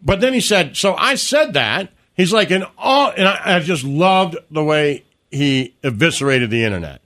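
A man's voice: a little high, moderate pace. A man hosting a radio talk show, telling stories in casual banter and acting out the people he quotes. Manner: animated storyteller, acts out quoted voices.

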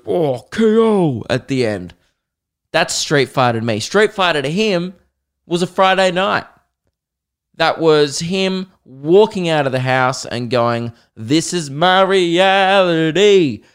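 An Australian man hosting a podcast, telling a comic story in a lively, self-mocking way and acting out the people in it. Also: medium pitch. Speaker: podcast host, comedian.

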